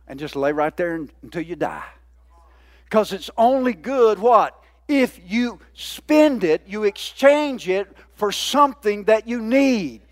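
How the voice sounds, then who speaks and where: A pastor with a high, animated voice preaches a sermon in call-and-response style. He draws out key words for emphasis and calls on the congregation to answer.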